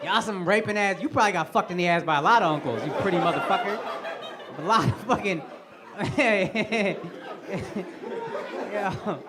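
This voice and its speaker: A man's voice: high-pitched, normal speed. A male stand-up comedian doing crowd work on a club stage, brash and profane as he mocks people in the audience. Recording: loud crowd laughter, noisy live club.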